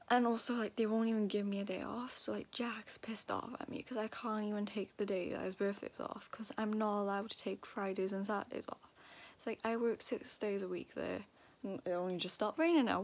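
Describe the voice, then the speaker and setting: An eighteen-year-old woman venting in a casual vlog, swearing and ranting with frustration. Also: medium pitch. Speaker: vlogger.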